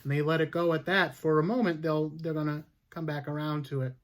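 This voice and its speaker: A man's voice: a little high, steady tone, a little fast. A man hosting a history podcast, telling a story casually with lots of fillers and restarts. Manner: chatty, many fillers and restarts.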